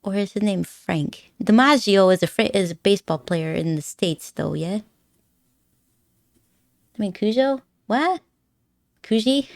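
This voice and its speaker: A woman's voice: medium pitch, expressive, unhurried, gravelly, long pauses, a little mellow, no room sound, clean studio sound. A woman live streamer chatting casually with her viewers, rambling and giggly, laughing often and teasing her chat playfully.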